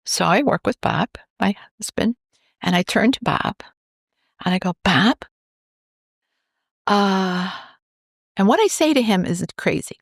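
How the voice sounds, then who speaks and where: A woman's voice: mid-range voice, measured pace, creaky, long pauses, dry recording, clean studio sound. A woman from New York, a cancer researcher, telling a story in a podcast interview and acting out the voices of the people in it. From New York, USA. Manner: animated, acts out quoted dialogue.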